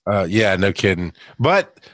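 A man's voice: sits low, big pitch swings, a little slow, a bit bright, dry recording. A man hosting a podcast who introduces topics in a laid-back, casual way and swears now and then. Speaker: podcast host. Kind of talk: casual chat.

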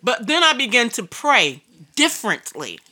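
Bright-voiced woman preaching. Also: fairly high pitch, sing-song, normal speed, husky. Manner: emphatic, repetitive storytelling. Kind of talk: sermon testimony.

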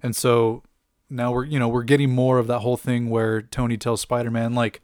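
A man's voice: mid-range voice, fairly even intonation, moderate pace, darkish tone, no echo, clean studio sound. Chatty young man recapping a comic. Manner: chatty, frequent fillers and asides. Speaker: comic book reviewer.

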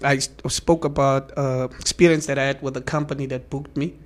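A man's voice: mid-range voice, a little fast. A man with a Namibian accent, a comedian telling stories animatedly in a casual podcast chat. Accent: Namibian English. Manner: animated storytelling.

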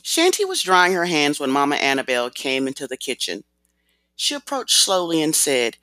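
An expressive audiobook narrator telling a novel. The voice is bright and lively in pitch, heard dry and close to the mic. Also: moderate pace, dry recording. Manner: expressive storytelling. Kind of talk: scripted narration.

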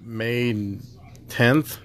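A laid-back man hosts a casual podcast chat. He rambles and laughs often, and his voice sits at an ordinary middle pitch. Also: drawn-out words. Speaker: podcast host.

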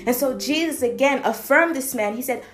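A woman's voice: high-pitched, moderate pace, faint music behind. A woman preaching a sermon with emphasis, repeating phrases to drive her points home.

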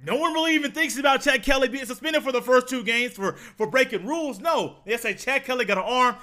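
Male sports podcast host, high and bright, lively storyteller who acts out his reactions. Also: a little fast. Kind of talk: solo sports podcast monologue.

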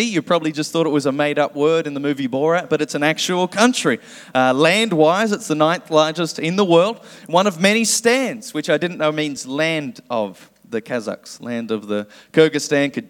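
Man preaching in a reverberant hall. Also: on the high side. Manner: animated, comic storytelling with acted dialogue. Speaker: pastor. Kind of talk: sermon with prayer and storytelling.

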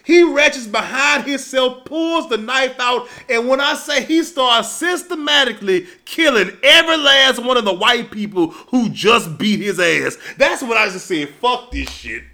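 A man, hosting and ranting casually and comedically about a movie, profane, with shouted outbursts. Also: very high voice, expressive, a little slow, hardly any pauses.

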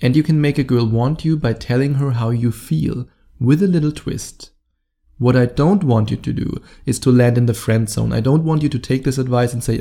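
German-accented male dating coach, solo podcast host, direct, mellow and gravelly in tone. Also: mid-range voice, normal speed. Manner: direct, coaching, addresses the listener.

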